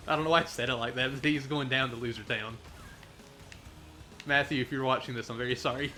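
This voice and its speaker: Bright, playful young male streamer. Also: mid-range voice, a little fast, pauses often, soft background music. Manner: playful, jokey, excitable. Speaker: gaming streamer. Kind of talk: live gameplay commentary.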